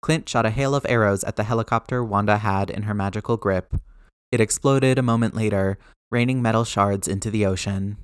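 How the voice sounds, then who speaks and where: A man reading an action story aloud as narrator, brisk, slowing at tense moments. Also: lowish voice, clear, resonant tone, dry recording, studio quality. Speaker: audiobook narrator. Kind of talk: scripted narration.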